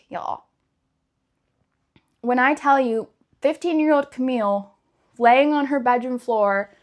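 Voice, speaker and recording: Chatty woman gushing over books. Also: a little high. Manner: chatty, gushing, many likes. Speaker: book vlogger. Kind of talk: casual chat.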